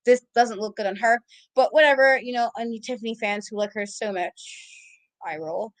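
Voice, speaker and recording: A high-voiced woman recaps a wrestling show with sass and exasperation. She talks casually and animatedly as a co-host. Her voice is close and dry. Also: fairly even intonation, a little fast, no room sound, rough recording. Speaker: podcast co-host.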